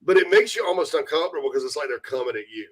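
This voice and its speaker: A man hosting a casual sports talk radio show from the American South, chatty and animated, slipping into mock voices. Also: fairly high pitch, very fast, husky. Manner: animated, breaks into loud mock voices and laughter.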